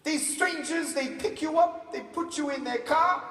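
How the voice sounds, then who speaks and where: A man's voice: very high voice, measured pace, distant mic, noisy background, pitched above the performer's own voice. A man voicing a worried, stern middle-aged mother who interrogates her son, in an echoey hall. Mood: worried, probing. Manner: anxious, interrogating.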